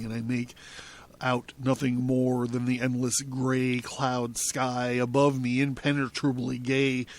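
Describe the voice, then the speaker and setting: A man hosting a podcast, reading a book aloud in the first person and breaking off with amused, chuckling asides. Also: mid-range voice. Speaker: podcast host.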